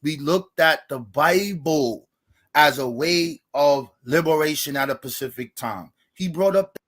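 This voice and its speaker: A man's voice: a little high, a little slow, a bit bright. A man giving a debate rebuttal, arguing point by point and reading passages aloud from books. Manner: reads quotes from books, argumentative.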